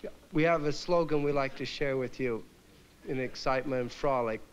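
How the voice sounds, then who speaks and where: An actor playing a stage performer who introduces his act in a rambling, halting way, correcting himself as he goes. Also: mid-range voice, muffled recording, close to an everyday voice. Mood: bumbling. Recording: noisy old TV soundtrack with crowd.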